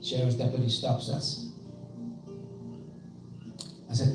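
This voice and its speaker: South African pastor telling a story. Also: male voice, mid-range voice, measured pace, pauses often. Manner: animated, leads call-and-response, asks "right?" often. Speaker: pastor giving a gallery talk. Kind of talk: storytelling talk. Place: museum gallery. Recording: echoey gallery from far off with music.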